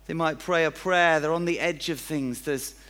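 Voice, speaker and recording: A man's voice: fairly high pitch, moderate pace, sharp tone. A man preaching a sermon in a church, chatty and self-deprecating, acting out little everyday scenes.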